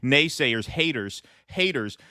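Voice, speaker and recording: A man's voice: medium pitch, lively intonation, slow pace, bright, forceful tone, clear, resonant tone, no room sound, studio quality. Sarcastic man hosting a podcast. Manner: sarcastic, mocking. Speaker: podcast co-host. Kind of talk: casual political commentary.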